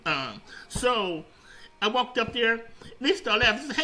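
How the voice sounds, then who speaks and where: A middle-aged man with a high, very bright and forceful voice tells stories in a casual interview. He rambles, stumbles over restarts and repeats phrases, and gets animated as he goes. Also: moderate pace, rough recording. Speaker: interview guest, radio founder.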